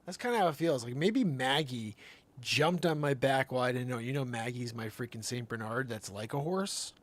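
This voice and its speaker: A man hosting a comedy show, telling a rambling tall tale that swings from shouts to mutters. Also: mid-range voice, a little fast. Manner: animated storytelling, swinging between shouts and mutters. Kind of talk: rambling comic monologue.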